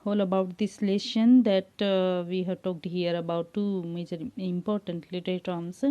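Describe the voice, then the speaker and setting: Indian woman lecturer, dark mellow voice. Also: lowish voice, little pitch movement, muffled recording. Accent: Indian English. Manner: unhurried explaining with frequent fillers. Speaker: English lecturer. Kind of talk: classroom lecture.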